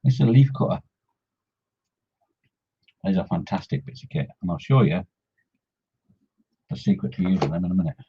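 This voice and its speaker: A man's voice: sits low, animated, normal speed, vocal fry, pauses often, dark tone, slightly rough, lo-fi sound. A man chatting casually on a scale-modelling live stream, greeting viewers by name and joking as he works.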